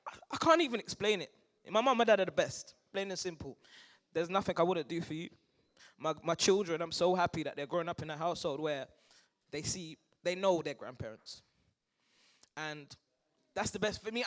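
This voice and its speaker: A man, the groom, giving an emotional wedding speech at a reception, halting and repeating himself between bursts of laughter. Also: sits high, a bit bright.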